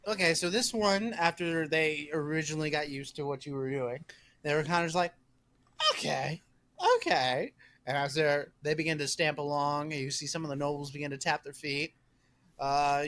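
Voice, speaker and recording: A man's voice: a little high, a bit bright. A man acting as game master, narrating crowd reactions in a casual, swearing manner.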